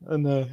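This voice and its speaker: Man, casual chat, hesitant, uh and um, slightly high voice. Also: darkish tone, breathy edge. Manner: short agreeing replies, hesitant fillers. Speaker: podcast co-host. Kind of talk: casual TV discussion.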